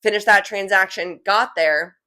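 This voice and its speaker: A woman's voice: mid-range voice, normal speed, sharp tone. Young woman, New Jersey accent, casual rambling vlog chat, lots of fillers. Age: young adult. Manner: chatty, rambling, self-correcting with lots of "like". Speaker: vlogger.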